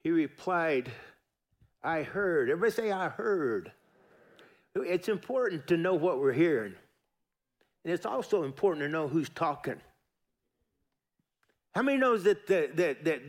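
A man's voice: a little high, animated, normal speed. A middle-aged man preaching a sermon as pastor, folksy and emphatic, repeating phrases and talking to the congregation.

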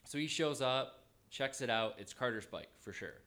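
A man telling a personal story in a casual, animated way, acting out his own thoughts as he goes. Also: medium pitch, normal speed.

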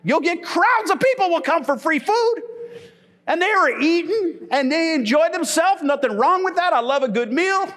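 A middle-aged man pastor preaching a humorous, animated sermon in church, telling stories and laughing as he goes. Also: very high-pitched, normal speed.

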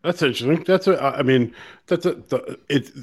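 A man's voice: a little high, normal speed, breathy edge. A man hosting a casual podcast who rambles in stop-start bursts and keeps saying "you know what I mean". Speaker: podcast host.

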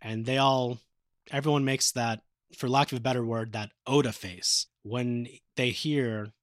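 A podcast co-host speaks in a medium-pitched, fairly even voice at a slightly slow pace, recorded dry with clean studio sound. He casually retells anime episodes, swearing, joking and acting out quotes.

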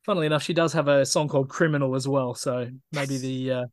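A man's voice: medium pitch, steady tone, fast talker, no echo. A man co-hosting a sports podcast, making dry jokes in casual chat. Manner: dry, joking. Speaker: podcast co-host.

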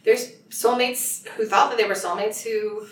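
A woman talks casually about her books, chatty and quick to laugh, with many restarts. Her voice sits a little back from the mic in a roomy space with faint background noise. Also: fairly high pitch, steady tone, distant mic. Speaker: author guest. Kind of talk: casual conversation.

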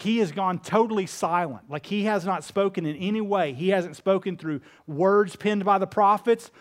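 A male pastor preaching a sermon in a casual, conversational way, often acting out the people he quotes. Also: high-pitched. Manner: casual, animated preaching with many fillers; acts out quoted speakers with shifts in voice.

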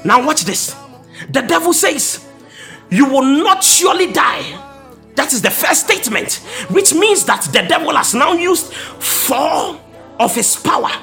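A man preaching a sermon with impassioned, sing-song delivery, often rising to a shout. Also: very high voice, sing-song, a little slow, creaky, soft background music.

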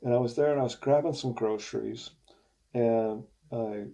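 Guy guest on a podcast, gravelly low-key voice, rambles thru stories and laughs a lot. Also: normal speed. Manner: relaxed, rambling, laughs often. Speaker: interview guest. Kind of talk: casual storytelling.

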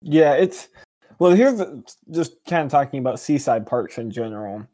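A man co-hosting a casual podcast, chatting in a jokey, animated way with sudden excited jumps in pitch. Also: normal speed. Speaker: podcast co-host. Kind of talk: casual chat.

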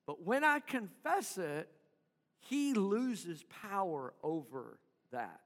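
A man's voice: high-pitched, very animated, drawn-out words, long pauses, long reverb tail. A man preaching a sermon to his congregation in church, calling for responses and having them repeat after him. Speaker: pastor.

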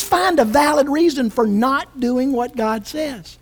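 A woman's voice: high voice, measured pace, hardly any pauses. A woman preaching a sermon with passion and emphasis, often restarting her phrases.

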